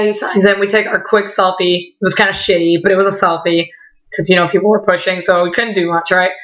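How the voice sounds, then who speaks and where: A young woman with a bright, tense voice tells a story casually, rambling and excited, with a lot of "like" and swearing. The recording is dull and lo-fi. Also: mid-range voice. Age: young adult. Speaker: vlogger.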